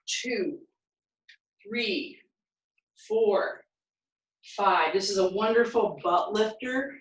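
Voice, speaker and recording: Slow-counting woman fitness instructor, echoey. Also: medium pitch. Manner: counts reps aloud and gives steady encouraging cues. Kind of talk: guided home workout instruction. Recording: very echoey room, mic far away.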